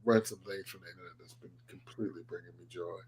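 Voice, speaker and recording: A man's voice: low-pitched, steady tone, fast talker, a little mellow, slight background noise, rough recording. A man hosting a live stream, chatting casually in an upbeat way and laughing easily. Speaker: host.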